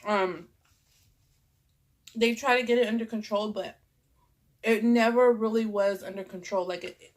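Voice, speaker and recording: A woman's voice: medium pitch, fairly even intonation, unhurried, pauses often. Young woman, Californian accent, stuffed-up nose, rambling vlog chat, plenty of fillers. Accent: Californian English. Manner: rambling, chatty, lots of "like" and fillers. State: stuffed up from a cold. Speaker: vlogger. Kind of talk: casual eating vlog chat.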